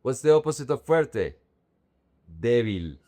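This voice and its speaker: A young man teaches vocabulary at an unhurried pace. He says each word slowly and carefully, then repeats it in drills. His voice sits at an ordinary middle pitch. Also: animated. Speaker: Spanish teacher. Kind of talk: vocabulary lesson to camera.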